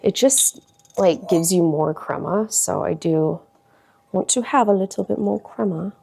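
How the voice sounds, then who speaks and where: A woman talks casually to her viewers as a lifestyle vlogger, gushing with frequent fillers. Her voice sits low and carries a gravelly, fry-tinged texture. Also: a little slow, a little mellow. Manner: chatty, gushing, many likes and ums. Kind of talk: casual chat.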